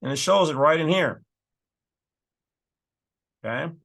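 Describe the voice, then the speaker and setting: A man's voice: fairly high pitch, expressive, takes it slowly, creaky, fairly bright tone. A man hosting his own channel, casually talking through and reading legal documents with folksy, emphatic asides. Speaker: channel host.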